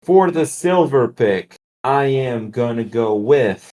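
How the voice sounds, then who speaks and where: A man's voice: medium pitch, lively intonation, slow, mellow. A man co-hosting a casual sports betting podcast, teasing his co-host and joking about his picks.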